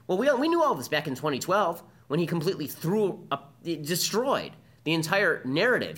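Fast, animated male political commentator. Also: fairly high pitch. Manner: combative, fast-talking monologue. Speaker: podcast host.

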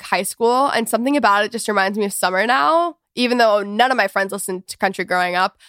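A woman's voice: fairly high pitch, fairly bright tone, no echo, studio quality. Bubbly rambling young woman host. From Texas. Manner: bubbly, rambling, lots of "oh my gosh" and "like". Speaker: podcast host. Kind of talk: casual podcast chat.

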